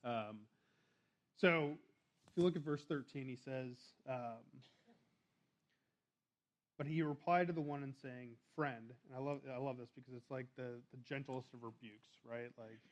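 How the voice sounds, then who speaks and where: A man's voice: medium pitch, unhurried, pauses often, poor audio. A man preaching a sermon in a church, talking casually and reading scripture aloud. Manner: conversational, restarts and fillers, reads scripture aloud.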